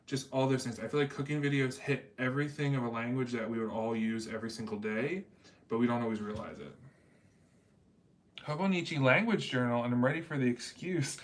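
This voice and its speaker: A man hosting a casual journaling chat, a native Spanish speaker, talking in quick chatty asides with easy laughs. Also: medium pitch. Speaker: host of a journaling livestream.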